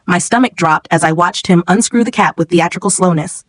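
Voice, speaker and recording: A woman narrating a scripted first-person story in a steady, tense way. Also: fairly low pitch, brisk, dry recording, poor audio.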